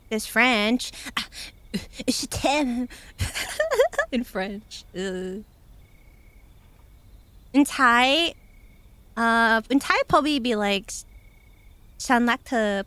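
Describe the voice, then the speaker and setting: A woman's voice: on the high side, sharp tone, clean tone. A young woman streamer chatting casually with her viewers, rambling with lots of fillers and frequent giggles. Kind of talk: casual chat with chat.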